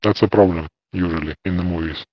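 Russian-accented man, low voice, dry muffled sound. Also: steady tone, fast talker, no room sound. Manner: hesitant, searching for words. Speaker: interviewer. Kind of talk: casual conversation.

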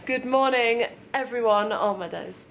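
A woman vlogging on a city trip, chatty and quick, filmed on a handheld camera. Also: fairly high pitch, creaky. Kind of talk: casual travel vlog. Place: busy city streets and venues. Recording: loud crowd and street noise.

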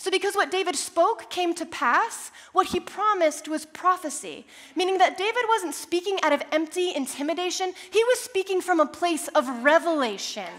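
High-voiced woman preaching a sermon. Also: expressive, moderate pace, hardly any pauses, fairly bright tone. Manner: building to impassioned, repeated declarations; storytelling, conversational asides.

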